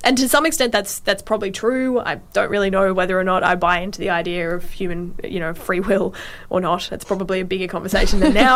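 A woman's voice: medium pitch, fairly bright tone. A woman co-hosting a casual discussion, talking thoughtfully with hedges, restarts and many fillers. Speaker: podcast co-host.

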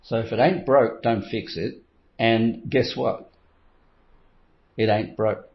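A man's voice: medium pitch, fairly even intonation, slow pace. A middle-aged man coaching in a motivational talk, telling stories and acting out his own inner voice with frequent chuckles. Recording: slightly dull lo-fi recording.

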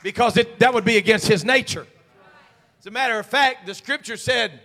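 A senior pastor preaching a sermon, moving from quiet talk to shouted preaching and calling on the congregation to answer him. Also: male voice, extremely high pitch, lively intonation, normal speed. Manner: call-and-response with congregation. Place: church sanctuary. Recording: long reverb of a church hall.

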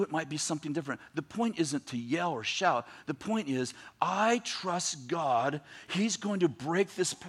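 A man preaching a sermon in a high, bright voice. He tells stories in an animated way and voices other people's lines. He drops to a quiet tone for scripture, then rises to excited shouting. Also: slightly rough. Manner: swings from quiet reading to loud excited shouting; animated storytelling with voiced asides.

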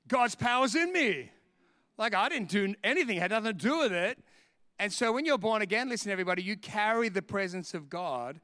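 A middle-aged male preacher from Australia tells a story from his own life. His voice is high, smooth and clear, recorded dry and close. He delivers it with animated energy and laughs at himself. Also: no echo. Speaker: pastor. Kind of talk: sermon with personal story.

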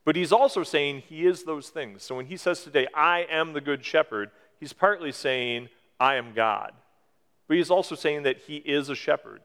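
A man's voice: on the high side, normal speed, a bit bright, clear, resonant tone. A man in his forties preaching a sermon, explaining scripture in a conversational way with emphatic rises. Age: 40s. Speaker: pastor. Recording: long hall reverb.

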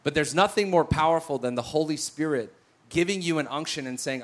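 A man with a fairly high pitch preaches briskly, telling stories as part of his sermon. He's animated, acting out the voices of the characters.

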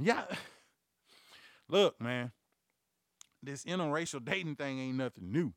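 A man hosting a comedy news podcast, ranting loudly and profanely, acting out quoted voices as he tells stories. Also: medium pitch, takes it slowly, long pauses, no room sound, studio quality. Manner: profane, loud, animated storytelling. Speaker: podcast host.

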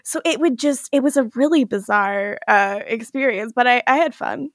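A woman with a bright, high voice co-hosts a podcast in loose, casual chat. She laughs readily and drops swear words as she retells scenes. The recording is close and dry, with no room sound. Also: moderate pace, dry recording. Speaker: podcast co-host.

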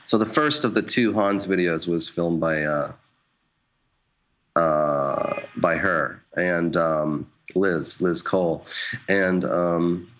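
A middle-aged man with a very low voice speaks in a loose, unscripted interview. He is a jazz musician who stumbles, restarts and fills his pauses. His humor is wry and self-mocking. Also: fairly bright tone. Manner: hesitant, many restarts and fillers. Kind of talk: casual interview talk.

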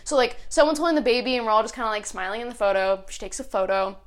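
A young woman co-hosting a podcast, telling a story in a rambling, animated way and saying "like" constantly. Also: fairly high pitch, very fast. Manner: rambling, heavy use of "like", animated retelling. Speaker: podcast co-host. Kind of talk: casual storytelling chat.

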